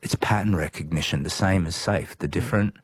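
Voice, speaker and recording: A man's voice: low voice, breathy edge, no room sound. An Australian man talking earnestly and casually as a guest, calling people mate and restarting his sentences often. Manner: earnest, matey, halting restarts. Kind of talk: casual conversation.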